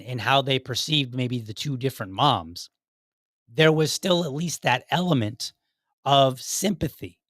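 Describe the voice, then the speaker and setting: A man's voice: mid-range voice, fairly bright tone, dry recording, clean studio sound. A man hosting a podcast, giving casual commentary in a rambling way with many fillers and restarts. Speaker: podcast host.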